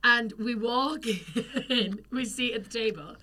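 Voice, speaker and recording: A woman's voice: on the high side, slow. A woman co-hosting a podcast, telling a story in casual chat and acting out the people she quotes, laughing often. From England. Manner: animated storyteller who acts out quoted voices and laughs a lot. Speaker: podcast co-host.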